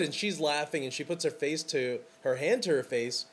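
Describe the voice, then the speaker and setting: A man's voice: on the high side, normal speed. A man hosting a casual podcast as a wedding photographer, talking in an enthusiastic, rambling way with lots of fillers.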